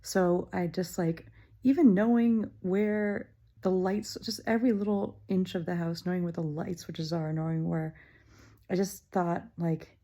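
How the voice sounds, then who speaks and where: A woman's voice: fairly low pitch, steady tone, a little slow, dark tone. A middle-aged woman talking to camera in her childhood home, musing aloud with wry, self-deprecating humor and frequent ums. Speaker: vlogger. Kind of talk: casual reflective monologue.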